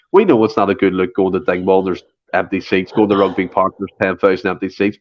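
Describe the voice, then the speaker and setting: A Scottish man with a low voice rants about football on a podcast, swearing freely and climbing in pitch as he gets worked up. The recording is dull and lo-fi. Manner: heated, swearing, pitch jumping up when worked up. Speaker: podcast co-host. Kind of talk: passionate casual football chat.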